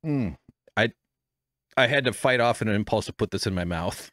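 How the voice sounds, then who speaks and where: A man with a fairly low voice rambles through his podcast from home, jumping up and down in pitch as he jokes at his own expense and swears. He sits close to the microphone in a dry, deadened room. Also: animated, normal speed, a bit bright, dry recording. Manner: rambling, self-deprecating, swears freely. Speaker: podcast host. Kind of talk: casual rambling chat. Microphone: studio microphone with headphones.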